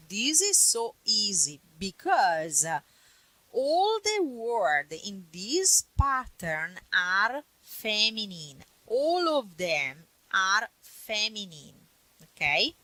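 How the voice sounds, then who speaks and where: A woman's voice: mid-range voice, sharp tone, low-quality recording. A woman teacher with an Italian accent, a native Italian speaker, patiently explaining grammar and repeating words. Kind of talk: classroom grammar lesson.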